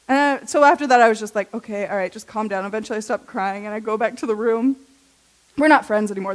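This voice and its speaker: A young woman giving a personal testimony at a youth church service, chatty and self-deprecating, laughing often and saying "like" a lot. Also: high-pitched. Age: young adult. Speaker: junior high intern giving a talk.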